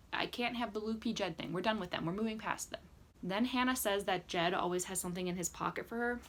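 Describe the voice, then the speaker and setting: A woman's voice: medium pitch, fairly bright tone. A young woman recapping a reality dating show in a casual, sarcastic reaction vlog, full of "like" fillers. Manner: chatty, sarcastic, lots of "like" fillers. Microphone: camera mic with ring light, indoors.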